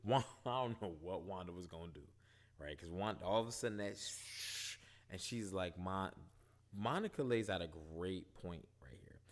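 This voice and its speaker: A man casually recapping and reviewing a TV episode, animated, asking "right?" often. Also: deep voice, normal speed. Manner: animated, retells scenes, quotes characters, frequent "right?". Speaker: show reviewer.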